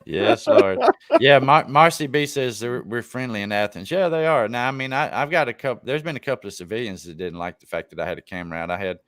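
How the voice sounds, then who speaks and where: A man's voice: medium pitch, expressive, fast, a bit bright, no echo. A man hosting a casual live-stream chat, telling stories in a laid-back way and swearing freely. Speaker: live stream show host.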